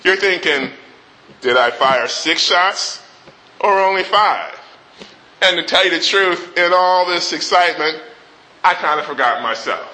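Guy doing a tough cop, slow and taunting, bright forceful voice. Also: high-pitched, expressive, pitched above the performer's own voice, heavily acted, rough recording. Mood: menacing.

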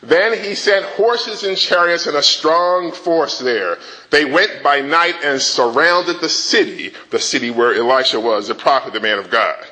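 A man preaching a sermon in an animated way, drawing call-and-response from the congregation. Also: fairly high pitch, a little slow, rough recording. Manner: dramatizes the king's rant in a rising voice.

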